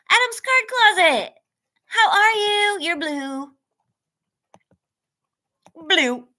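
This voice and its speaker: A woman's voice: high-pitched, bright, forceful tone. A woman hosting a casual livestream, greeting viewers by name and cooing at her dogs in a bubbly way. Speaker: livestream host.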